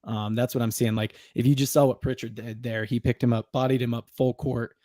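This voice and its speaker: A man's voice: mid-range voice, level tone, fairly quick, mellow, no room sound. Dry-voiced casual podcast host man. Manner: chatty, laughs easily, upbeat announcer bursts. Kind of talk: casual sports chat, watch-party giveaway.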